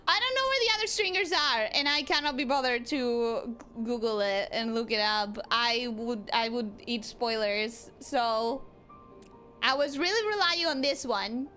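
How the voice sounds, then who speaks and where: A young woman streaming a game in a casual, expressive way, often bursting into exasperated outcries. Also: on the high side, normal speed.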